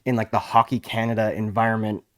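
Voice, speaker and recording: A man's voice: on the low side, level tone, fast talker, fairly bright tone. Easygoing man recapping a show. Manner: easygoing, explains and recaps plot. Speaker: podcast co-host. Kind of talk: casual chat.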